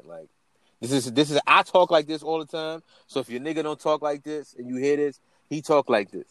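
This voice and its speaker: A man's voice: a little high, brisk, a bit bright, no echo. A man co-hosting a podcast in casual chat, slangy, with stammering restarts. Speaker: podcast co-host.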